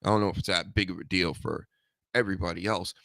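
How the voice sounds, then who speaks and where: A man hosting a solo podcast, rambling and joking with mock threats and loud mocking outbursts. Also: low voice, fairly even intonation, fast talker, creaky, no room sound, studio quality. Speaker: podcast host. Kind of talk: casual solo wrestling podcast chat.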